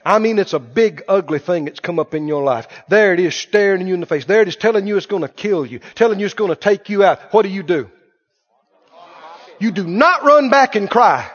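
A male pastor preaching an animated sermon, laughing often and drawing his words out. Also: high-pitched, fast talker, hardly any pauses, dull audio.

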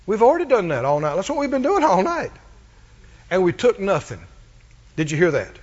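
Very high-voiced man preaching in a hall. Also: huge pitch swings, fast. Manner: emphatic call-and-response preaching. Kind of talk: sermon. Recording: muffled recording in a reverberant hall.

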